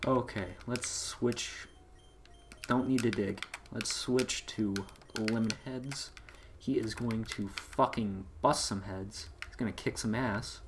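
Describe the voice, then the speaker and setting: Profane, excitable man narrating gameplay. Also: medium pitch, slow pace, noisy background. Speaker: let's play gamer. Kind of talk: casual gaming commentary.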